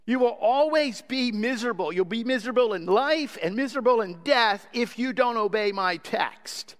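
A man's voice: very high voice, animated, moderate pace, fairly bright tone. A man voicing a plain-spoken, homespun lay preacher who urgently pleads with his listeners. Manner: urgent, repetitive exhortation. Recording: long hall reverb.

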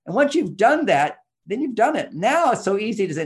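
A man's voice: sits high, very animated, normal speed, gravelly, few pauses. A man explaining relationship advice in an interview, emphatic and teacherly, pushing his voice up on key points.

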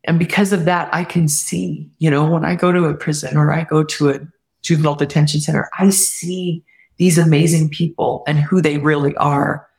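A woman guest telling a personal story earnestly, often quoting what others said, and reflecting warmly on faith. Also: low-pitched, fairly even intonation, moderate pace, creaky. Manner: earnest, heartfelt retelling with quoted dialogue; warm spiritual reflection. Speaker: podcast guest.

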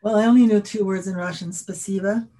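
A woman guest in a conversational interview, telling stories in a lively way and laughing often. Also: medium pitch, fast talker.

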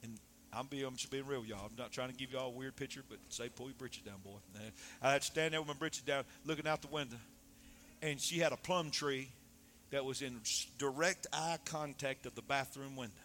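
A man preaching a sermon, dropping soft then shouting loudly. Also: medium pitch, fairly quick, a little hiss or hum. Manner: animated, swings from soft to shouting. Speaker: pastor.

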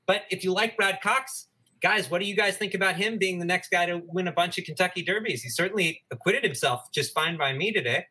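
A man's voice: sits high, a little fast, bright, forceful tone. A man co-hosting a racing podcast, giving upbeat, persuasive analysis in a casual chat. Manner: upbeat, persuasive, making points. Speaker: podcast co-host.

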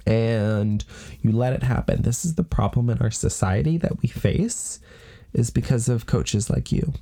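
A man's voice: medium pitch, a little slow, vocal fry, warm tone. A man co-hosting a podcast, recapping an episode in casual chat with jokey, sarcastic asides. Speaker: podcast co-host.

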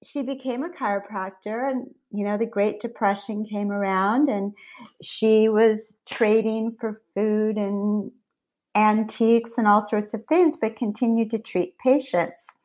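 A middle-aged woman, a company founder and guest, telling family stories in an animated, conversational way. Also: mid-range voice, unhurried. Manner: lively, animated storyteller with laughs. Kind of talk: conversational storytelling.

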